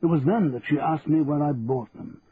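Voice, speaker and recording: A man narrating in first person as a reflective, measured retired army colonel, over a tinny line with faint hiss. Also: a little high, close to an everyday voice. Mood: musing.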